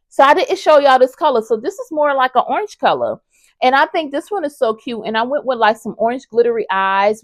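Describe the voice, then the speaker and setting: A woman's voice: a little high, no echo. A woman vlogger chatting casually about her crochet projects, enthusiastic and talking straight to her viewers. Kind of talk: casual review chat.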